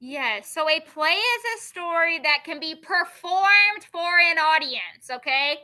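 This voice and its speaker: A woman teaching a class in a very bright, sharp voice. She explains ideas through everyday examples and keeps checking that the students follow. Her directions to the room are firm. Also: very high voice, expressive, slow pace. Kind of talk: classroom lesson.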